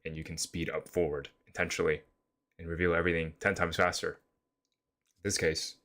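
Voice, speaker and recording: A man's voice: sits low, flat delivery, normal speed, fairly bright tone. A man reacting to a clip on a stream, talking in a laid-back way and musing in abstract, philosophical terms. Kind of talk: casual reaction commentary.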